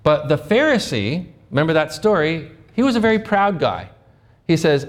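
High-voiced male pastor preaching. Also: big pitch swings, normal speed. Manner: rhetorical questions, acts out prayers. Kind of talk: sermon.

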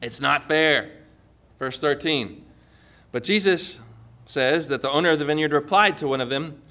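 Male pastor, animated storyteller, bright and high voice, sermon delivery. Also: moderate pace, long pauses. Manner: animated storytelling, rhetorical questions.

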